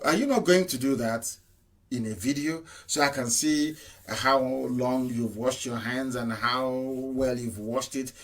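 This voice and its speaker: A man delivering an impassioned political broadcast, emphatic and full of rhetorical questions and repetition. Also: fairly high pitch. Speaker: activist broadcaster.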